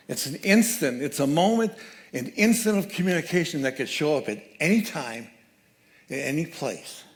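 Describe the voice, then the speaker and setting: A man giving a sermon as guest speaker at a church, telling a story with lively changes of voice. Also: a little high, moderate pace. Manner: animated storyteller, acts out quoted voices. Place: church sanctuary.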